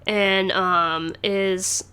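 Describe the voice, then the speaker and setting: A woman talks through her podcast in a loose, rambling way, full of fillers and restarts and frequent laughter. Her pitch sits in a typical middle range for a woman. The delivery is casual and chatty. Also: steady tone, very slow, pushed and bright, clear, resonant tone. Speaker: podcast host. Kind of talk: casual chat.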